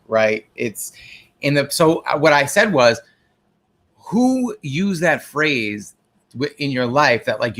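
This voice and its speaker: A man's voice: medium pitch, gravelly, a bit bright. A man co-hosting a casual podcast, reasoning aloud in a reflective, hesitant way. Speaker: podcast co-host. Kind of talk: casual conversation.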